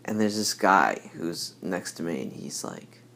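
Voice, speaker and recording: Slow-talking laid-back male podcast host. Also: sits low, very animated, creaky, sharp tone. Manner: rambling, laid-back, self-correcting. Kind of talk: casual podcast monologue.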